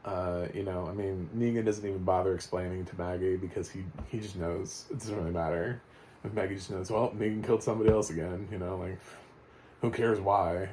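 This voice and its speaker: A man's voice: sits low, fairly even intonation, moderate pace, darkish tone, slight background noise. A man giving a casual spoken TV recap, rambling and blunt, with fillers and restarts and the odd swear word. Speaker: TV reviewer.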